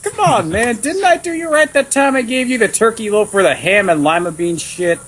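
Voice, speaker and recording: A man voicing a scrawny young male soldier in a whining high voice. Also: lively intonation, normal speed, a bit bright. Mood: whiny.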